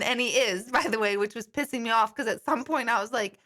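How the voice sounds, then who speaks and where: Bright high-voiced woman laughing through a chat. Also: lively intonation, moderate pace. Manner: laughing fits, apologetic, swearing. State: tired, laughing to tears. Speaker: livestream host. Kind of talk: casual chat with viewers.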